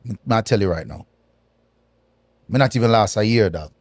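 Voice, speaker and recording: A man's voice: fairly low pitch, dry recording. Man with speech. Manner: animated, patois-laced, drawn-out pauses. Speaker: guest. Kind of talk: casual storytelling interview.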